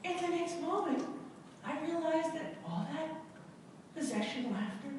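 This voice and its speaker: Middle-aged woman, slow dramatic storyteller, emphatic pauses, recorded from the audience. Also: high-pitched, expressive, darkish tone, slight background noise. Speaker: speaker at a self-help event. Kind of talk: personal storytelling talk. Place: large indoor event hall. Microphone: camera in the audience. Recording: echoey hall recorded from far off.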